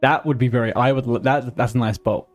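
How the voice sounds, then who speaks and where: A man's voice: medium pitch, fairly even intonation, brisk. Man, game streamer, casual joking chat, medium voice, faint music behind. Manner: chatty, joking, mutters and swears at the game. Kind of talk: casual live-stream chat while gaming.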